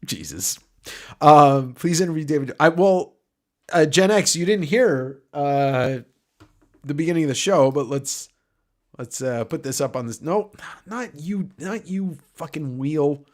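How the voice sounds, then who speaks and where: A man with a fairly high-pitched voice and lively intonation talks a little slowly as he hosts a livestream giveaway. He sounds nasal and casual, wandering off on tangents, joking, and swearing freely.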